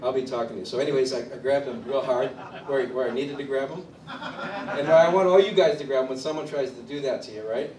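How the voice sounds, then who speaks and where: A man from Chicago, a drummer, tells his story at a clinic in an animated way and acts out the voices of the people he quotes. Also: medium pitch, fairly quick, crowd noise. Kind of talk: storytelling interview. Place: drum clinic in a studio room. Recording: distant mic in an echoey room with background noise.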